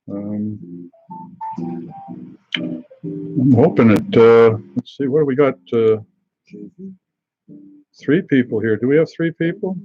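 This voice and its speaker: A man's voice: mid-range voice, muffled recording. Rambling man hosting a beer stream. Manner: rambling and halting, many fillers, greets viewers by name. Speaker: host of a live beer tasting stream. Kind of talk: casual live-stream chat.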